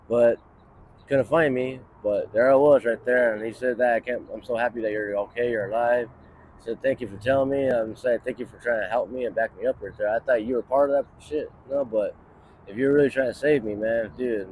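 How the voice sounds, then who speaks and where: Standing outdoors near a bus stop on a city street, a thirty-something man gives a casual street interview with a mid-range, slightly mellow voice against slight background noise. His long story wanders, full of profanity and constant "you know" and "like."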